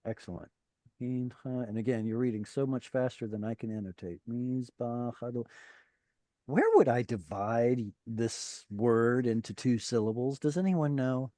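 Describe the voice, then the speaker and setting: A man leads an online class over a video call, his voice dark and mellow and the sound dry. He explains patiently, slows down to spell out phrases, and often stops to search for words, with fillers and restarts. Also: mid-range voice, dry recording. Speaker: Hebrew teacher.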